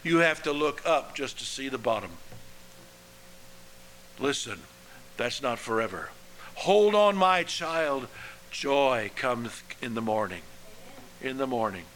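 A man preaching a sermon in a slow, earnest way, letting his phrases drop softly at the ends. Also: medium pitch, slight background noise, poor audio.

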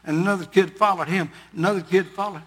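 An older male preacher with a high, bright, slightly rough voice tells his story from the pulpit, speaking fast with a steady tone. His delivery swells into loud, emphatic preaching that rings out with long reverb in a large hall.

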